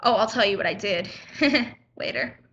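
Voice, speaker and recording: Teen girl, bright and a bit high, indignant chatty storyteller, muffled webcam sound. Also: expressive, moderate pace. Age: teens. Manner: indignant, chatty retelling with quoted back-and-forth. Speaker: high school student vlogger. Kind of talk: casual vlog storytelling.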